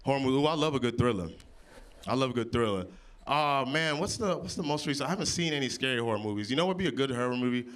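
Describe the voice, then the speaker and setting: A young man from Oklahoma performing improvised stand-up comedy, loud and brash, cursing and teasing the crowd. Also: mid-range voice, lively intonation, rapid-fire, clean tone. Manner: loud, brash, playful crowd work with swearing. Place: winery comedy stage before a live audience.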